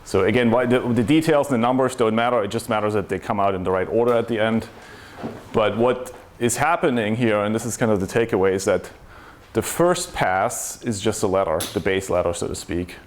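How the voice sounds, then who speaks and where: Low-voiced man giving a technical talk. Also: a little fast, slight background noise. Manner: explanatory, asks rhetorical questions. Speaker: conference speaker.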